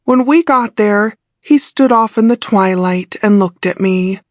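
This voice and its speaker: A woman narrating a classic mystery audiobook in the first person, with a measured storytelling delivery. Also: medium pitch, dry recording.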